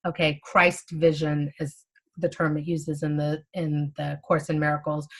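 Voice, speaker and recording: A woman explaining a spiritual text in a casual, conversational way, acting out inner thoughts as she goes. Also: lowish voice. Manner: animated, conversational, acts out inner monologues. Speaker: spiritual study teacher.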